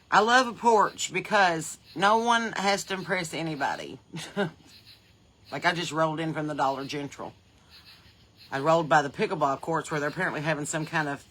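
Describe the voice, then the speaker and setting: A woman with a Southern American accent hosting a podcast, chatting folksy and loose from her porch into a phone, laughing often and swinging between loud and soft. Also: deep voice. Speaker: podcast host. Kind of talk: casual livestream chat. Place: outdoors on a porch. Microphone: phone on a holder.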